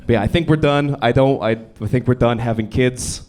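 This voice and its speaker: Deadpan young man doing stand-up. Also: mid-range voice, brisk. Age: young adult. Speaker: stand-up comedian. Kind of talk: stand-up set. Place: comedy club stage.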